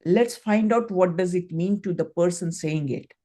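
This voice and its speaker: A woman's voice: fairly low pitch, normal speed, dark tone. Middle-aged woman, Indian English accent, parenting coach on a video call, storyteller. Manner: storytelling, acts out quoted dialogue. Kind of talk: online coaching session.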